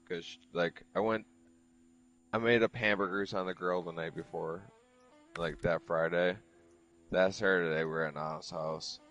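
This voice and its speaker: A man with a very low voice telling a personal story while he plays, rambling and cursing as he goes. Faint music runs underneath. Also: a bit bright, poor audio. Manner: rambling, profane, heavy use of "like". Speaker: streamer chatting while gaming. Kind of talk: casual chat storytelling.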